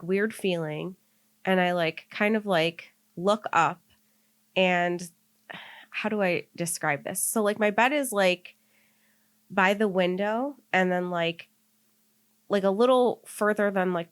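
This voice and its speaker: A young woman on a podcast, telling a story in casual chat and rambling with constant filler words. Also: fairly low pitch. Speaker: podcast co-host.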